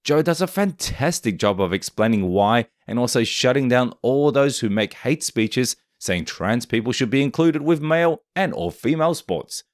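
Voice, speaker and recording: A man's voice: medium pitch, lively intonation, moderate pace, hardly any pauses, no echo, clean studio sound. A man reading a scripted commentary voice-over in a snarky, opinionated way. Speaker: commentary narrator.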